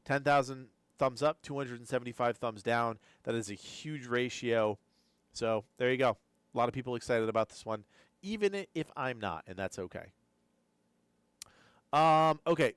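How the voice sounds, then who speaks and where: A man's voice: medium pitch, moderate pace, smooth, no echo. Male live-stream host, drowsy and rambling reaction commentary, resonant voice with dry close sound. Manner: rambling, repeats words while thinking aloud. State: drowsy, keeps yawning. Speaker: gaming news streamer.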